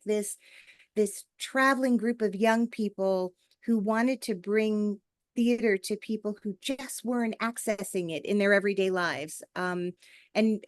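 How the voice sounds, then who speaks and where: A woman with a fairly high voice hosts the interview, enthusiastic and effusive. She leans on fillers and restarts, and the mic sound is dry, with no room around it. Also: no echo. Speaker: podcast host. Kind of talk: podcast interview.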